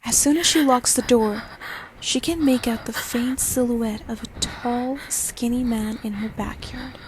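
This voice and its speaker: A woman narrating a scripted horror story, often dropping to a hushed, slow, whispery delivery. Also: fairly high pitch, fairly even intonation, a little hiss or hum. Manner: hushed, slowing to whispery dread.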